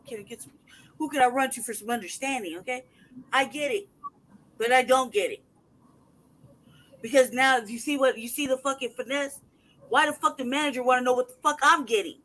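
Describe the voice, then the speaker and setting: A man holds forth on a casual livestream in a heated, profane torrent. His voice sits unusually high for a man. He reads documents aloud with open mockery. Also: bright, forceful tone, poor audio. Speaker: livestream host.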